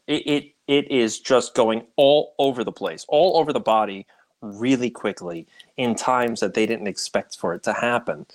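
A man co-hosting a casual talk radio show, animated and teasing, laughing often. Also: medium pitch. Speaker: co-host.

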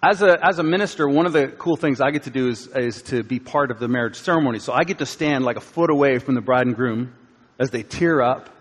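A man preaching a sermon as pastor, conversational, swinging from loud acted quotes to hushed lines. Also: mid-range voice, quick pace, husky. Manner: conversational, dramatic shifts between loud and hushed. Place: church auditorium. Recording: long reverb of a church hall.

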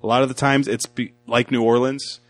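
A man's voice: mid-range voice, flat delivery, a little fast, dry recording, soft background music. A man hosting a casual movie review podcast, recapping the plot at length and thinking aloud with restarts. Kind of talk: casual chat.

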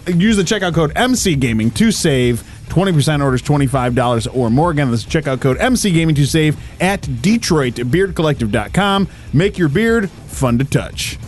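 A man's voice: on the high side, a little hiss or hum. A man co-hosting a gaming podcast in casual banter, joking and laughing often, also reading an ad. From Michigan, USA. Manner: jokey, laughs often, quick riffs. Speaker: podcast co-host.

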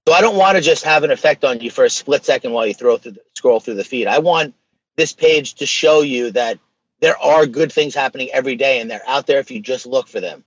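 Male podcast guest, husky, earnest and animated, dry slightly muffled audio. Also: mid-range voice, fairly quick, no echo. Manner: earnest, animated storytelling with slang. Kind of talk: casual podcast conversation.

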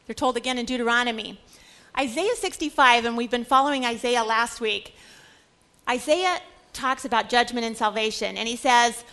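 A woman's voice: on the high side, normal speed, bright, forceful tone. A woman giving a Bible study lecture, telling the story expressively with dramatic asides. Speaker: Bible teacher.

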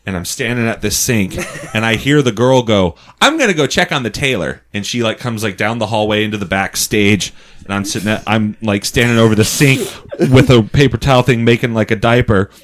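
A man telling a funny story in a casual, animated, profane way, laughing often. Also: on the low side, brisk.

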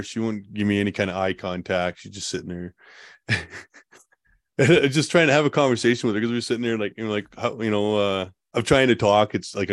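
Man, rather low voice, dry close sound, relaxed rambling storyteller. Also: no echo. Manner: relaxed, rambling, laughs often, many fillers. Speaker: guest telling a survival story. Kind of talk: casual storytelling interview.

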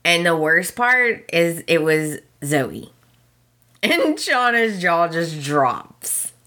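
Woman, podcast host, casual recap, storytelling, bright tone, low voice. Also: sing-song, very slow. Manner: chatty storytelling with quoted dialogue and chuckles. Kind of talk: casual soap opera recap.

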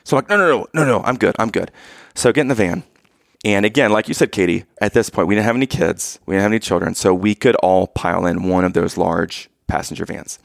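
A man telling a funny family story in casual chat, acting out his own past lines with loud outbursts. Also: deep voice, quick pace, creaky, no room sound, studio quality.

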